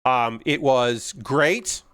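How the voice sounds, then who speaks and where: He has a medium-pitched voice that's a bit bright, clear and resonant, and he draws out his words. As a live-stream host, he tells rambling anecdotes loaded with ums and uhs.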